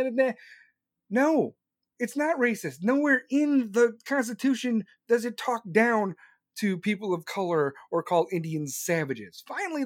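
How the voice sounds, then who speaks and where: A man on a live stream ranting loudly and sarcastically about politics, mocking the other side in put-on voices. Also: sits high, no room sound, studio quality.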